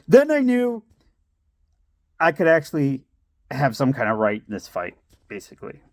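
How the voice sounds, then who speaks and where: A man tells his story to the camera in a loose, casual monologue, breaking into laughter often. His delivery is blunt and streetwise, with a lively voice that rises and falls a lot. The sound is dry and close. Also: mid-range voice, normal speed, long pauses, no room sound. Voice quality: laughs often while talking. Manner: blunt, animated, streetwise advice. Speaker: vlogger.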